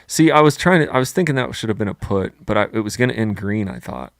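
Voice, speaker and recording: A man with a lowish, gravelly voice chats casually, thinking out loud in halting bursts and tossing in "dude". The sound is close and dry. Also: expressive, no echo. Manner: thinks aloud, hesitant, says "dude" a lot. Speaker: co-host trading live. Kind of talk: casual live-stream chat.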